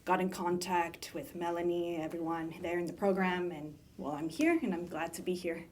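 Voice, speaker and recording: A woman's voice: on the low side, normal speed, darkish tone. A young woman from south Texas, a graduate student guest on a podcast, answering questions hesitantly with many fillers and restarts. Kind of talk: casual interview answers.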